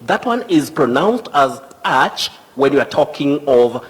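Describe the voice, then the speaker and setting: A man, a language expert on a broadcast segment, explaining pronunciation deliberately and spelling out sounds. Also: medium pitch, big pitch swings, big-room sound.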